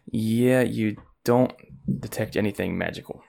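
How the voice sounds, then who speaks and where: Deep gravelly man running a tabletop game. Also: measured pace, warm tone. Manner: rambling, lots of fillers. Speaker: game master. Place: home.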